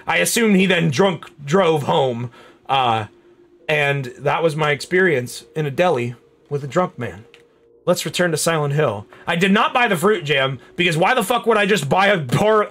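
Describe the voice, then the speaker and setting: A young man on a casual gaming stream, telling stories and reacting with swearing, shouts and laughter. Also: fairly high pitch. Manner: animated, profane, bursts into shouts and laughter.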